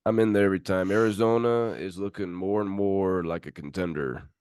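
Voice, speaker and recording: A man's voice: sits low, fairly even intonation, a little fast, a little mellow, smooth, no echo, studio quality. A man hosting a sports podcast, chatting in laid-back, friendly banter. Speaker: podcast host. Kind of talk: casual chat.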